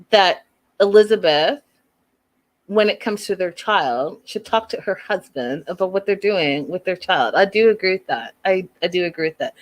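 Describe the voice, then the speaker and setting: Lady recapping reality tv, kinda low voice, super opinionated and animated. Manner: animated, opinionated, acts out quotes. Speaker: show host reviewing reality TV. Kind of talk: casual recap commentary.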